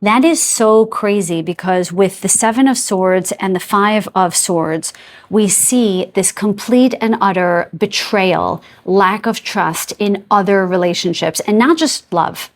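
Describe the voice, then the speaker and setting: A woman's voice: mid-range voice, unhurried. Chatty woman doing a tarot reading. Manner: chatty, gropes for words aloud; talks to spirit guides between remarks. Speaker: tarot card reader. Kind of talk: intuitive tarot reading to camera.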